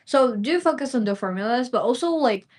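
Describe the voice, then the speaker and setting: A young woman talks casually on her own livestream, answering viewers as she goes. Her voice sits a little high, and her speech wanders with constant "like" and "um" fillers. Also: animated, fairly quick, a little mellow, slightly rough. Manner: rambling, heavy use of "like" and "um" fillers. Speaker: livestream host.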